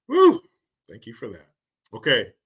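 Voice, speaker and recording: Bright-voiced joking man streaming live. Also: medium pitch. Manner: laughing, joking, swearing freely. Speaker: livestream host. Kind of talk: casual chat with live chat viewers.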